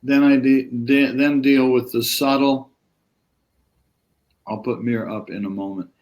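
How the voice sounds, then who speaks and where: A man's voice: medium pitch, fairly even intonation, measured pace, a little mellow. A man teaching a live-streamed yoga lesson in a rambling, conversational way, chatting with viewers as he goes.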